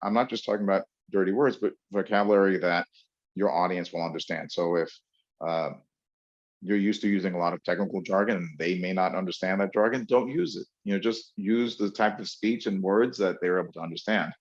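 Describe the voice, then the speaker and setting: Man, very deep voice, webinar lecture, fillers and pauses, muffled lo-fi sound. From New York. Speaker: webinar presenter. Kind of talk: webinar lecture on public speaking. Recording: dull lo-fi webinar audio.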